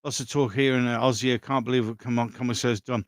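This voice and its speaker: Talking fast with a fairly even intonation, this mid-range male voice belongs to a host reading out his stream chat. He answers comments casually as they come in. No echo is present, and the studio sound is clean.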